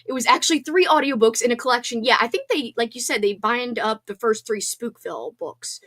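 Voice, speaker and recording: A woman's voice: fairly high pitch, fairly quick, a bit bright. A woman in her thirties hosting a casual livestream hangout, chatting and reading viewer comments aloud. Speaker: host.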